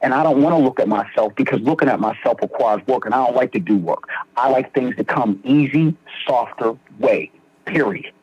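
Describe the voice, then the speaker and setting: Husky man telling his recovery story. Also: medium pitch, moderate pace. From Philadelphia, Pennsylvania. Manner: animated storyteller, acts out quoted dialogue. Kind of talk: storytelling in a recovery podcast interview. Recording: dull lo-fi sound.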